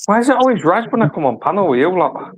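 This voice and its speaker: A man's voice: sits high, sing-song, fast talker, slightly rough. A man on a live panel, swearing, laughing and stumbling over his words in casual banter.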